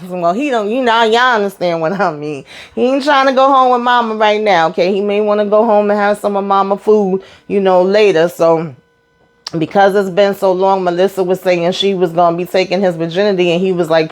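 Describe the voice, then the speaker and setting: A woman giving a casual reality-show recap on her own channel, talking straight into the mic. She is animated and swears freely, and her voice sits in a middle pitch for a woman. She keeps jumping into quick impressions of the people she is describing.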